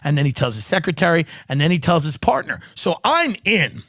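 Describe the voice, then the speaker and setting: A man's voice: on the high side, big pitch swings, fairly quick, a bit bright, no room sound, clean studio sound. A middle-aged man hosting a podcast, telling a comic story in a sardonic, riffing way and mimicking the people in it. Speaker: podcast host. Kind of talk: comedic storytelling monologue. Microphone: studio podcast mic.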